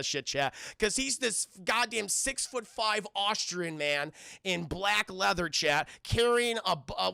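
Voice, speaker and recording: A man reviewing a film on a livestream, excitable and profane, constantly talking to his chat. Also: high-pitched, creaky, no echo, clean studio sound.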